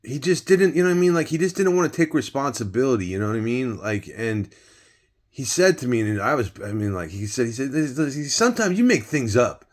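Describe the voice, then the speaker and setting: A man's voice: mid-range voice, lively intonation, quick pace, a little mellow. A man casually telling a personal story, rambling with many restarts and some swearing.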